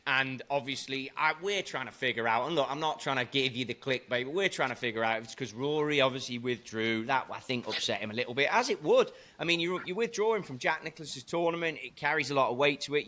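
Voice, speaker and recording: A man hosting a golf podcast, chatting in a playful, animated, slangy way. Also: mid-range voice, a little hiss or hum. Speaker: podcast host. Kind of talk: casual podcast banter.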